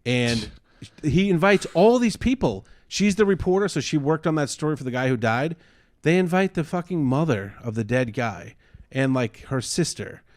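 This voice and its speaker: A man co-hosting a casual podcast chat, retelling a story with animated acted-out quotes and frequent swearing. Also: on the high side, normal speed. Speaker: podcast co-host.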